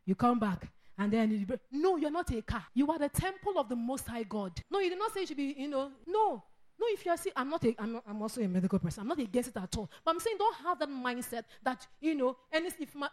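A woman delivers a sermon in a high voice. She preaches emphatically, repeats her phrases and acts out the voices she quotes. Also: very animated, fairly quick.

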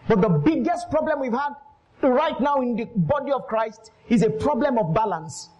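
High-pitched, lively preaching man. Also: moderate pace, lo-fi sound. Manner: emphatic preaching, calls to the congregation; storytelling with quoted voices. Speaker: pastor. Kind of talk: sermon.

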